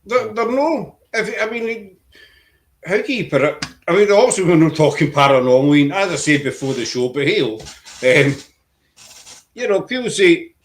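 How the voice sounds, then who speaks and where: A man from Glasgow with a Glaswegian Scottish accent, a podcast guest in casual chat who tells rambling stories with lively swings in pitch. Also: moderate pace. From Glasgow, Scotland.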